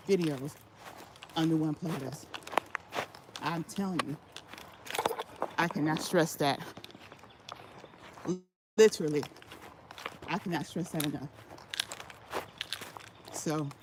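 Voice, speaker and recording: A woman whose voice sits on the low side walks laps during a casual motivational vlog, handing out channel tips. She's emphatic and keeps repeating her points to drive them home, with noise in the background.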